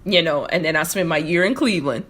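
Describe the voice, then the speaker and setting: An American woman hosting a casual chat, with a voice on the low side. She is an animated storyteller who acts out quotes and laughs easily. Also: fast. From United States. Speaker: podcast host.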